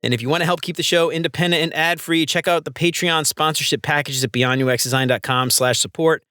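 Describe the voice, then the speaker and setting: A man's voice: fairly high pitch, steady tone, fast, sharp tone, no echo, clean studio sound. A man hosting a podcast, reading an upbeat outro with sponsor plugs and speaking straight to his listeners. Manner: upbeat, promotional, addresses listeners directly. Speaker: podcast host. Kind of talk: scripted show outro with sponsor reads.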